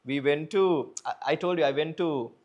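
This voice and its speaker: A man's voice: a little high, moderate pace, darkish tone. Chatty Sri male podcast host. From Sri Lanka. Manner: chatty storyteller, laughs a lot. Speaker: podcast host and English trainer. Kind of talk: casual conversational interview.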